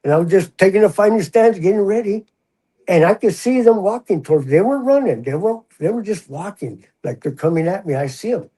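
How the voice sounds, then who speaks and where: A husky, mellow-toned older man tells his story as a guest in a relaxed interview. He talks in a slightly higher register and acts out the lines of the people in his story. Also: brisk, rough recording. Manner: animated, acts out the quoted voices. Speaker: guest, retired prison officer. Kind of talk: casual storytelling in a podcast interview.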